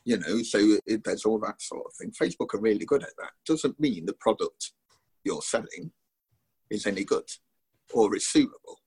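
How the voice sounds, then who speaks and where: A man's voice: lowish voice, lively intonation, normal speed, darkish tone, husky. A male guest in a casual business chat, explaining his points conversationally with frequent tag questions.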